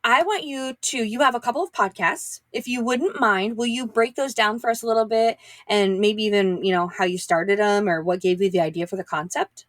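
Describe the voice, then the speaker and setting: A woman hosting her own podcast, bubbly and effusive, and she chats easily with her guest. Her voice sits at an ordinary middle pitch. The recording is close and dry, with almost no room echo. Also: brisk, few pauses, fairly bright tone. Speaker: podcast host. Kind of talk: casual interview chat.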